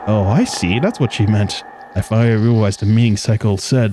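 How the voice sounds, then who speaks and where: A man's voice: lowish voice, fairly quick, warm tone, a little hiss or hum. A man streaming a video game, reading its story text aloud dramatically and dropping wry asides between passages. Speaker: gaming streamer. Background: game music.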